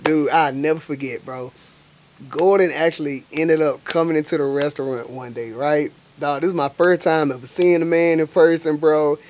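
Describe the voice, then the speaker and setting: A young adult man from Alabama, a guest chef telling stories in casual, animated talk full of slang fillers. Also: fairly high pitch, normal speed, slight background noise. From Montgomery, Alabama, US. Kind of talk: casual storytelling.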